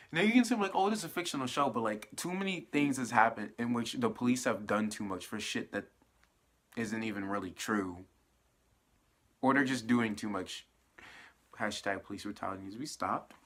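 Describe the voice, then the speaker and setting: A young man in his late teens giving a casual, animated, profanity-laced spoiler recap of a TV episode. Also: mid-range voice, a little fast. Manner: animated, profane storytelling with fillers. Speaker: TV episode reviewer.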